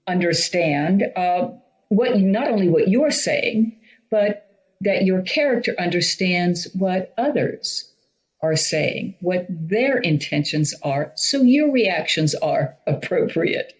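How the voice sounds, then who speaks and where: Slow, deliberate woman teaching drama. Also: sits low, low-quality recording. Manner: deliberate, explains step by step. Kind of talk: instructional talk on performing Shakespeare.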